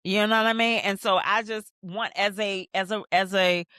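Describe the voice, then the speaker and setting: A woman hosting a TV show rewatch, recapping scenes in a rambling, animated, profane way. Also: medium pitch, moderate pace, clean tone, no room sound, studio quality. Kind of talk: casual episode recap and commentary.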